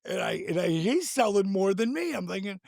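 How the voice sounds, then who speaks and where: An older man with a gravelly voice, animated and swearing freely as he tells a story in casual chat, acting out the quotes. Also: high voice, normal speed, no echo, clean studio sound. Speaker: guest.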